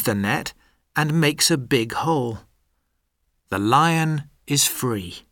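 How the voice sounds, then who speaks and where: A man's voice: mid-range voice, expressive, takes it slowly, fairly bright tone, no room sound, studio quality. A man reading a simple story aloud for language learners, carefully and expressively. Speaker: narrator of a listening exercise.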